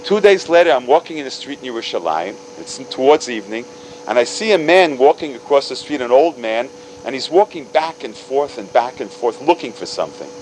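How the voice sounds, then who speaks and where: A man in his fifties telling stories to a religious audience, animated, acting out dialogue with big jumps in pitch and sprinkling in Hebrew and Yiddish words. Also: brisk, slight background noise, low-quality recording. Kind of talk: storytelling talk.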